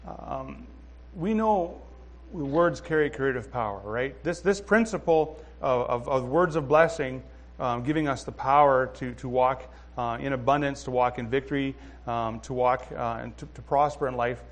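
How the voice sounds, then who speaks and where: A man's voice: medium pitch, normal speed. A man giving an informal sermon, talking conversationally with fillers and restarts and often checking in with listeners. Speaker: preacher.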